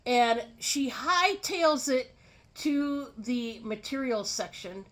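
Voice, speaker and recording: A woman casually telling a story to her viewers, chatty, with many fillers. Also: a little high. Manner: chatty and drawn-out, lots of fillers. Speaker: storyteller vlogger.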